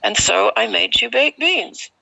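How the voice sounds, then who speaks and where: A woman voicing a kind elderly Indian lady from an ashram, speaking formally and gently. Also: fairly high pitch, lively intonation, a little slow, gravelly, full character voice. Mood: kindly. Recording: slightly muffled recording.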